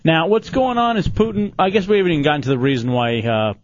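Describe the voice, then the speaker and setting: Brisk male radio show host. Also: fairly high pitch, no echo, highs cut off. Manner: brisk, steering the segment. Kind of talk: casual radio banter. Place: radio studio.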